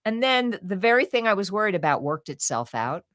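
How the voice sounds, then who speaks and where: An older woman, a grandmother and audiobook narrator, talking in a podcast interview with an expressive storytelling manner that acts out the things people say. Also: mid-range voice, a little fast, no echo, clean studio sound. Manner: expressive, animated storytelling with acted-out quotes. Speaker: guest author and audiobook narrator.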